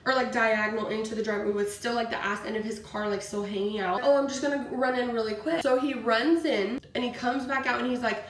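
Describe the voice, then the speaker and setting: A young woman talks through her makeup routine in a chatty, rambling vlog style, filling her sentences with "like." Her voice sits a little high and carries room echo from some distance off the mic. A faint hiss stays under everything. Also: fairly even intonation, fast talker, hardly any pauses. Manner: chatty storytelling, fills with "like" constantly. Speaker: beauty vlogger. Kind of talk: casual chat while doing makeup.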